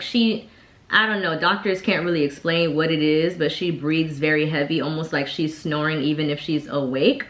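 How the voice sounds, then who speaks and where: In an echoey room, a woman with a deep, slightly bright voice chats through a personal storytime as she gets ready. She keeps it casual and peppers her vlog with "like."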